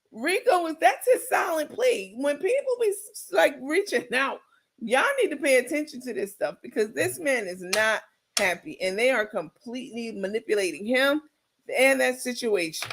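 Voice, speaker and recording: A woman's voice: high-pitched, noisy background. A woman giving casual comedic reaction commentary, sassy and laughing, talking straight to her viewers.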